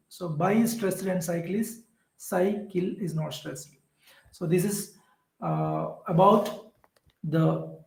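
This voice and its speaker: A man explains exam material step by step, repeating key points and filling pauses with "uh". His lecture sounds echoey, as if recorded in a bare room. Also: high voice, vocal fry, warm tone. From southern India. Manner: repetitive, patient explaining with frequent "uh" fillers. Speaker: English literature teacher.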